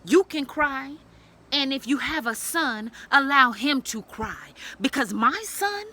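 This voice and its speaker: Blunt, bright-voiced woman telling her story. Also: high-pitched, expressive, slow. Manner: blunt and profane, swinging between storytelling and preaching to women. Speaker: vlogger sharing a personal story. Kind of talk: candid storytelling vlog.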